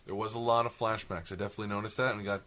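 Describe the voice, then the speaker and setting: A man's voice: on the low side, little pitch movement, racing, sharp tone. A young man co-hosting a casual podcast chat, talkative and a bit long-winded, self-deprecating. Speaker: podcast co-host.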